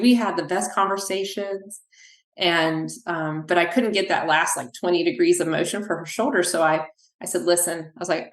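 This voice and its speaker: A woman with a fairly low voice speaks as a physical therapist guest in an interview. She tells animated stories and acts out what people said to her. The recording carries the echo of a room. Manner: animated, acts out quoted dialogue. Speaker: physical therapist, clinic owner. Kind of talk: podcast interview, conversational storytelling. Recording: echoey room.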